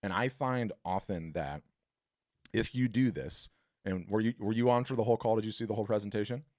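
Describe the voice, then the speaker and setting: A deep, low-pitched man coaching an artist over a video call. His sound is dry and close, with a salesy, emphatic push and quick tag questions. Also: a little mellow, no room sound. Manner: emphatic, salesy, repeated "right?" tags. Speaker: webinar host and art business coach. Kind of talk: coaching a caller in a live webinar.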